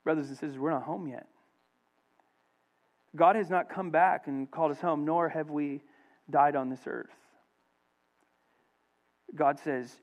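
Middle-aged male pastor, fairly high voice, dramatic preaching with loud peaks and quiet stretches. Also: measured pace, long pauses. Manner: preaching with dramatic swings between loud emphasis and hushed storytelling. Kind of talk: sermon.

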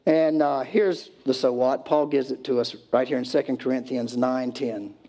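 A man's voice: medium pitch, steady tone, moderate pace, warm tone. A male pastor preaching a sermon in a conversational way, with loose restarts and acted-out pleading voices.

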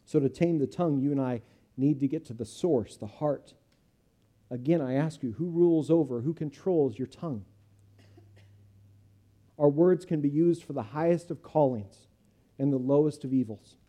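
Male pastor, sermon and prayer, earnest and measured, fairly high but very dark, mellow tone. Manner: earnest, measured preaching in short phrases. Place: church.

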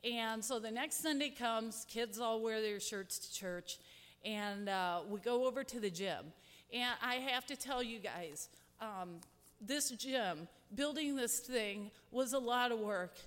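A woman's voice: fairly high pitch, takes it slowly, fairly bright tone. A woman speaking to a church congregation, heartfelt and rambling, with many fillers. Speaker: church ministry volunteer. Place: large church hall. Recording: long hall reverb, from a distance.

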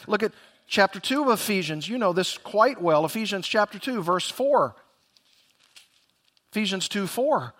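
A man's voice: high voice, expressive, measured pace, fairly bright tone. A man preaching a sermon as pastor, earnest and emphatic, with rhetorical questions to the congregation.

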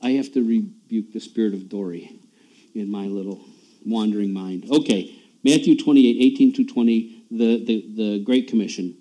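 A man's voice: on the low side, normal speed, mellow, low-quality recording. A man preaching a sermon in a church, talking in a conversational way, often repeating words and chuckling at himself.

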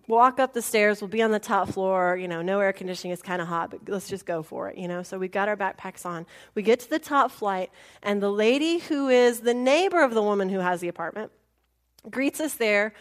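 A woman telling a travel story in a casual, animated way, laughing often, mimicking people and dropping into soft asides. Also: on the high side.

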